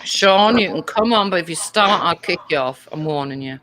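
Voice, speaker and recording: A woman's voice: on the low side, lively intonation, normal speed, a bit bright. A woman hosting a live call-in stream, sternly confronting a caller. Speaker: host.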